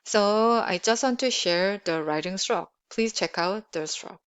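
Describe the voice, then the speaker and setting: A woman's voice: mid-range voice, a little slow, smooth. A woman teaching pronunciation, patiently repeating syllables for practice. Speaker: Korean language teacher. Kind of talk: pronunciation lesson.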